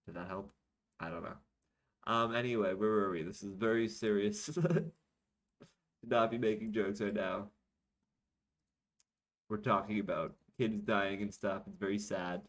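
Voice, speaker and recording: A low-voiced man reads his own novel aloud, worn out after a night without sleep. He narrates steadily but breaks off now and then to correct himself or make a quick aside. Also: low-quality recording. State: tired from being up all night. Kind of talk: audiobook-style reading of a serialized novel.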